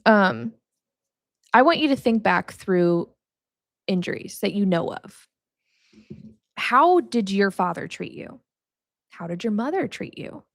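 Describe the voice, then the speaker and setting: A woman's voice: mid-range voice, lively intonation, slow, gravelly, long pauses, no room sound, studio quality. A young woman hosting a podcast, teaching about faith in a casual, chatty way, laughing often and filling her talk with "like". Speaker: podcast host.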